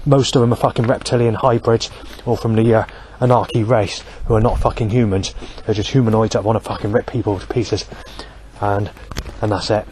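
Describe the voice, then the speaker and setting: Outdoors at night, a man rants furiously into a handheld digital audio recorder, swearing constantly as he rambles. His voice is lowish, steady and a little mellow, his pace brisk, with slight background noise.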